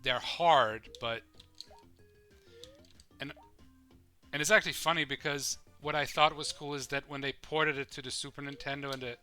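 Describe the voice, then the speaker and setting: A man's voice: mid-range voice, steady tone, moderate pace, pauses often, sharp tone, smooth, faint music behind. A man rambling casually and swearing as he plays and comments on a live game stream. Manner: rambling, swears casually, thinks aloud while playing.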